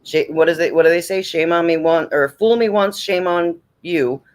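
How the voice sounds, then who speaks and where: A man's voice: a little high, normal speed. Blunt, profane man hosting a livestream. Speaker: livestream host. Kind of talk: casual livestream chat.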